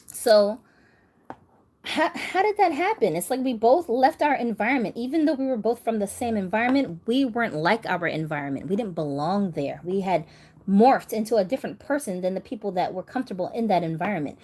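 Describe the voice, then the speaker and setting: A woman's voice: mid-range voice, lively intonation, brisk, darkish tone. A woman from New York who hosts a doll channel, talking bluntly and casually to her viewers and laughing often.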